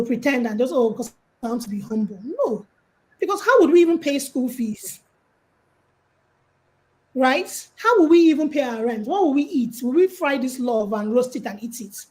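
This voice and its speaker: A Nigerian woman, appearing as a guest speaker on a call, gives casual advice about life and money in a lively way, telling stories and acting out quotes. Her voice is high and her pace normal, though the audio is poor.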